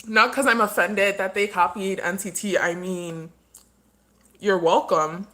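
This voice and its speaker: A woman hosts a loose livestream chat, airing strong opinions in a rambling, offhand way. She talks while eating, and her voice sits at an ordinary middle pitch. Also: fairly even intonation, a little slow, fairly bright tone. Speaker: livestream host.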